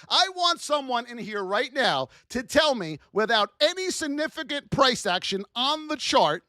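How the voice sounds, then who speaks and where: A woman teaching trading on a live stream, talking in an animated, scolding, exclamatory way. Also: high-pitched, no echo, studio quality. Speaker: trading educator.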